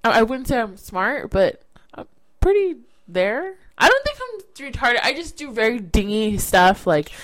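A woman's voice: on the high side, very animated, measured pace, dry recording, low-quality recording. A woman from California co-hosting a podcast in casual chat, telling rambling, self-mocking stories with frequent restarts. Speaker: podcast co-host.

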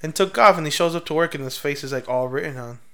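Slightly higher-voiced crude male co-host. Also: fast, fairly bright tone, clean tone. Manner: profane, acts out quotes while riffing. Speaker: podcast co-host. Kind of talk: casual crude podcast chat.

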